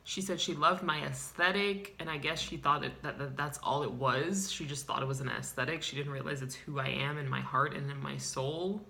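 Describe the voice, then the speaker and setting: A woman's voice: sits low, steady tone, moderate pace, gravelly, hardly any pauses, sharp tone, exaggerated voice. A woman playing a self-pitying woman who identifies as a clown, in a comedic character vlog, sighing and ranting with dramatic outbursts. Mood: sulky.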